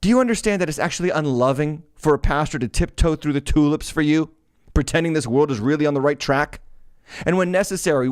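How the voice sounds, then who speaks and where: A man's voice: fairly high pitch, dry recording, studio quality. A middle-aged man hosting his show as a pastor, preaching with emphatic, sarcastic, declamatory delivery. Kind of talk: preaching commentary.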